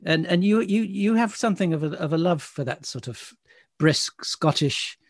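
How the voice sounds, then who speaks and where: A man's voice: sits high, expressive, normal speed, vocal fry, no room sound, clean studio sound. A man hosting an interview, asking thoughtful, hesitant questions. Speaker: host. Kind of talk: interview conversation.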